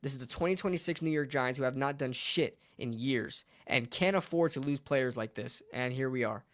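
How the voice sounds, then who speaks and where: A male sports streamer in a fired-up rant. He swears freely and hammers each point with repeated phrases, swinging between shouting outrage and muttered disbelief. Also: mid-range voice, normal speed. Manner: heated, profane, repeats lines for emphasis. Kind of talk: live sports reaction rant.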